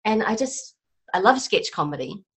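A middle-aged woman from New Zealand with a softened New Zealand accent, a guest chatting casually in a podcast interview, self-deprecating and rambling with many fillers. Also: mid-range voice, sing-song, normal speed, breathy edge. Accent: New Zealand, softened by years in England. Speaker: guest comedy writer.

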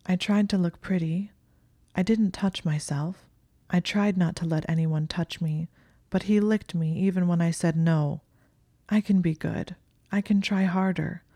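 A reader puts on a dazed, pleading young witch in an audiobook. She speaks slowly and meekly, like a child, in a slightly raised, mellow voice with a dry, close sound. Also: medium pitch, fairly even intonation, dry recording, voice pushed up. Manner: slow, meek and childlike. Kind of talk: audiobook reading.

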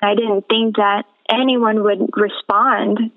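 A woman from the Caribbean, a guest on a radio interview, telling her personal testimony in an earnest, measured way over a phone line. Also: mid-range voice, steady tone. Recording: tinny phone-line audio.

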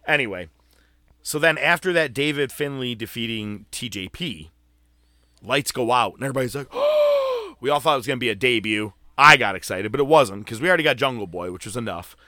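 A man hosting a podcast, swearing freely while he tells a story. His voice is bright and lively, swinging up and down. The recording is close and dry. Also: mid-range voice, brisk, dry recording. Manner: profane, animated, acts out quotes. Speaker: podcast host. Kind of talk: casual storytelling chat.

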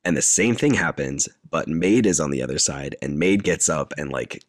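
A man with a very low voice talks through a film's plot in a loose, chatty way, full of fillers. The sound is dry and close, with no room in it. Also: moderate pace, no room sound. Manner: retells scenes in deadpan detail, filler-heavy. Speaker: podcast co-host recapping a film. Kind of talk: casual chat.

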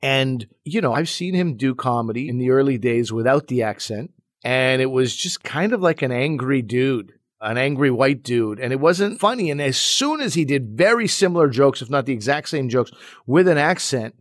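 A man who teaches comedy explains his thinking in an easygoing podcast chat. He sounds relaxed and reflective and peppers his talk with "you know." His voice is recorded close and dry, with no room sound. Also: medium pitch, moderate pace, dry recording. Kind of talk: casual podcast conversation.

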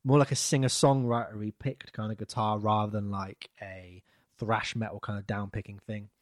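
A man, chatting casually as a podcast co-host, rambling and trailing off softly. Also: lowish voice, level tone, normal speed, no room sound, clean studio sound. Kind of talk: casual chat.

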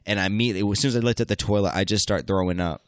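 A man hosting a casual chat, telling a crude, profane story with lively energy. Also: fairly low pitch, very fast, dry recording.

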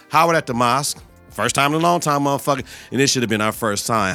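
A man's voice: mid-range voice, quick pace, sharp tone, faint music behind. Profane, slangy man recapping a show. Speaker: podcast host. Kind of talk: casual TV episode recap.

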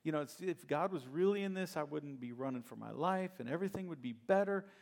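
Whiny prophet in despair, high-pitched and gravelly, put on by a man. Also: lively intonation, fairly quick, a little mellow. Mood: frustrated. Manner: whiny, complaining, self-pitying. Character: whining, despairing male prophet on the run.

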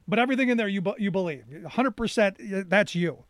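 A man's voice: sits high, fast talker, no echo, studio quality. A man hosting an interview, asking questions eagerly and often restarting his sentences. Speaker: interview host. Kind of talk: casual interview chat.

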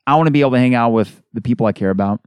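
A man's voice: medium pitch, racing, clean tone, dry recording, muffled recording. Exasperated ranting male podcast host. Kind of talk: solo sports podcast rant.

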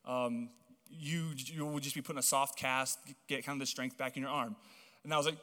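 A young man from Hawaii preaching a sermon, telling stories in a chatty, animated way full of casual fillers. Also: a little high, moderate pace. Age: young adult. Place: church auditorium. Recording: long reverb of a large hall.

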